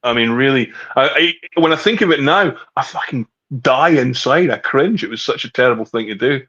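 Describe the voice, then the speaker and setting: A middle-aged Scottish man swapping stories on a podcast, sweary and animated in his telling. His voice comes through slightly dull and lo-fi, as if the recording lost its top end. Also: medium pitch, brisk. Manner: swears freely, animated storyteller. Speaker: guest. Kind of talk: casual chat.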